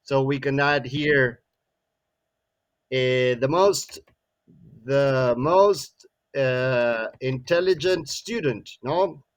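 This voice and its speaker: Slow male English teacher. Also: mid-range voice. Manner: frequent tag questions "no?" and "eh?", repeats words. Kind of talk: classroom grammar lesson.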